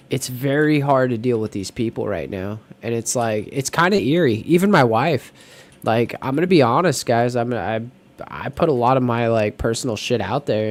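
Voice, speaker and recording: A man co-hosting a casual podcast chat, rambling with lots of fillers and restarts. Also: mid-range voice. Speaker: podcast co-host.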